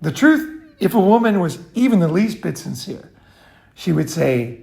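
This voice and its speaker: Middle-aged guy ranting to camera, gravelly voice pitched a bit high, swears a lot and hammers his points. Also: moderate pace, darkish tone. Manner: crude, emphatic, profane, lecturing. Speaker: online commentator. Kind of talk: blunt monologue to camera.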